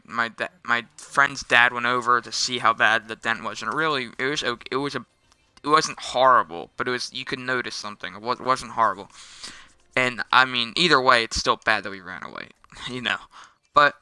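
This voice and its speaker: A young man tells a personal story in a loose, rambling way, stopping often to restart and correct himself. His voice is very bright and crisp. The sound is dry and close. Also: mid-range voice, no echo. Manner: rambling with many restarts and quick self-corrections. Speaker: storytelling vlogger. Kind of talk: casual storytime while gaming.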